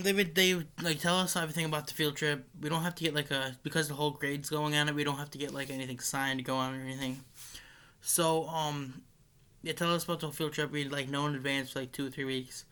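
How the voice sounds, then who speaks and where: A man's voice: fairly high pitch, a bit bright, clear, resonant tone. A teenage boy telling a school story in a casual, rambling way, full of likes, restarts and the odd swear. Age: teens. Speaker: high school student.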